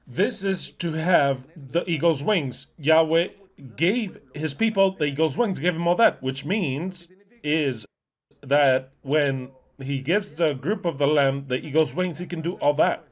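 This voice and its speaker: A man's voice: a little high, measured pace. Emphatic male preacher. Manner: emphatic, varies pace and volume, reads scripture aloud. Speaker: pastor. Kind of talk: sermon.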